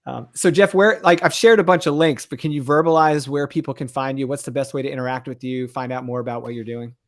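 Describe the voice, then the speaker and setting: A man's voice: mid-range voice, steady tone, fast. A man co-hosting a casual video talk show, joking and teasing his guest. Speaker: co-host. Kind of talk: casual chat.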